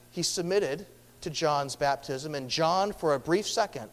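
A man preaching a sermon, earnest and emphatic, swinging between raised lines and hushed, quiet ones. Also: fairly high pitch, measured pace. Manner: earnest, emphatic, lively rises and hushed drops. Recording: long hall reverb.

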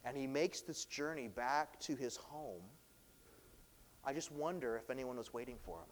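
Male pastor, sermon, earnest, emphatic then hushed, long hall reverb. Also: medium pitch, expressive, normal speed.

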